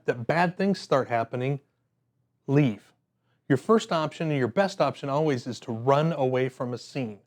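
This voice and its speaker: Male safety instructor, mid-pitched and conversational, loose storytelling lecture. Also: a little mellow. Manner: conversational, with frequent fillers and restarts. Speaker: workplace safety trainer. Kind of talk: classroom lecture with personal stories.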